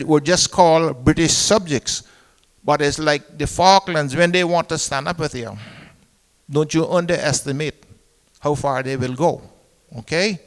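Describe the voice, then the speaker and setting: A man's voice: on the high side, a bit bright, clean tone, in a large hall. An older man recalls his seafaring years for an audience, speaking emphatically and quoting proverbs. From Cayman Islands. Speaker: retired seafarer on a panel. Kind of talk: recollection to an audience.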